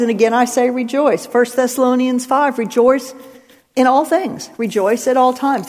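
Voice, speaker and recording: A woman's voice: fairly high pitch, a little mellow. A woman giving an expository Bible teaching, working through numbered points and citing scripture with emphasis. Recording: long hall reverb.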